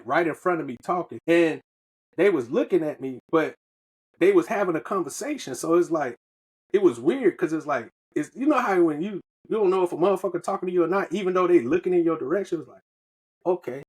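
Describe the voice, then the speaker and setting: Man, podcast co-host, husky voice that sits a bit high, rambling slangy storyteller. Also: lively intonation, brisk. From Southern United States. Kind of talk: casual storytelling chat.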